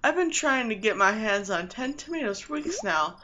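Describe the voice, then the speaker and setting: A woman's voice: on the high side, animated, moderate pace, lo-fi sound, background noise, natural voice. A woman voicing a weary, struggling farmer who rambles politely.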